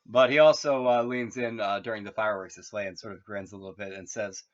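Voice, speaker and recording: A man's voice: lowish voice, steady tone, fast talker, few pauses. A man casually retelling a story, rambling with many fillers and restarts and chuckling at his own jokes. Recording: muffled lo-fi audio.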